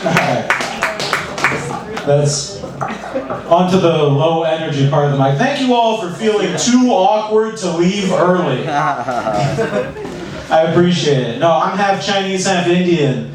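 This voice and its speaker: Slow high-voiced comic in an echoey club. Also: male voice, lively intonation, over a noisy crowd. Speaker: open mic comedian. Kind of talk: stand-up comedy set. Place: small comedy club stage. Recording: echoey room, far from mic.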